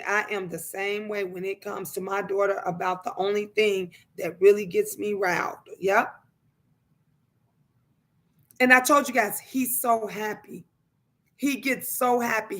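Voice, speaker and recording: A woman who is a livestreamer and a mother chats casually, greets her viewers, and speaks emphatically in plain, colloquial language. She repeats phrases to drive her points home, in a mid-range voice with a bit of brightness.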